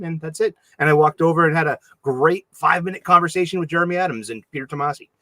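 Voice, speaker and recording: A man's voice: fairly high pitch, racing, few pauses, no room sound. A man with a Boston accent, a podcast co-host telling rambling stories in casual chat, full of restarts. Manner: rambling, animated storytelling with many restarts.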